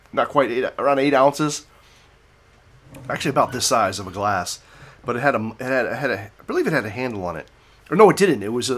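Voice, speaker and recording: A man talks through a beer review on his live call-in stream, casual and unscripted. He drifts from story to story and often stops to correct himself. His voice sits at an ordinary middle pitch for a man. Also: a bit bright. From United States. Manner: rambling, self-correcting, digressive storytelling. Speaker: livestream host reviewing beer. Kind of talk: casual unscripted livestream chat.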